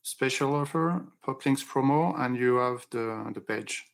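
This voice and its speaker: A man's voice: mid-range voice, creaky. A man with a French accent, a native French speaker, answering hesitantly on a video training call. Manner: hesitant, halting.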